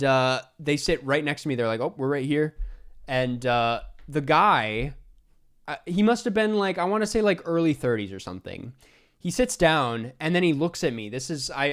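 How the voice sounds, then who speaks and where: A young man hosting a stream, telling a funny anecdote in casual chat, animated and exasperated, laughing between lines. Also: mid-range voice. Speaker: streamer host.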